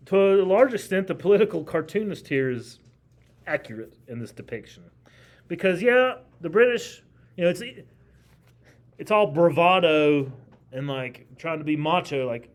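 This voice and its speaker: A man with a fairly high voice lectures a history class in a classroom. His delivery is conversational but emphatic. He keeps throwing questions out to his students. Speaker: history teacher.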